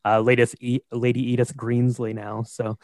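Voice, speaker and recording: A man's voice: mid-range voice, completely flat delivery, moderate pace, darkish tone, no echo. A man co-hosting a podcast, steadily explaining a film's plot and often checking in with his partner. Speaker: podcast co-host. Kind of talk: casual chat recapping a film.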